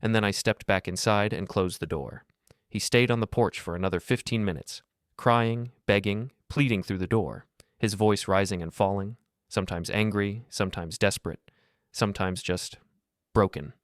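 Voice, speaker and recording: Brief: older male narrator, low voice, calm and steady scripted storytelling, dry close mic. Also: normal speed, clear, resonant tone, no room sound.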